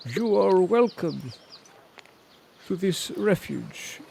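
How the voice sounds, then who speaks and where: A solemn temple priest, played by a man who speaks in slow, formal phrases. His voice is mid-pitched, with faint noise in the background. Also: sing-song, vocal fry, dark tone, full character voice. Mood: welcoming. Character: welcoming male temple priest.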